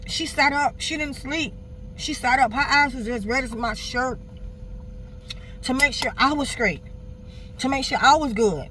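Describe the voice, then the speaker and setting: A woman's voice: sits high, a little slow, long pauses, background noise. Candid woman telling a personal story. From Miami, Florida. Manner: animated, candid, swears freely, keeps addressing viewers. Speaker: vlogger.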